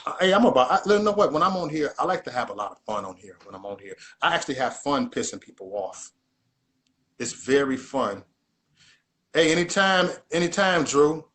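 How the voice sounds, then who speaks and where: A man's voice: fairly high pitch, big pitch swings, brisk, fairly bright tone. A man hosts a casual livestream. He preaches in an emphatic, repetitive way and keeps circling back to the same point. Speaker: livestream host.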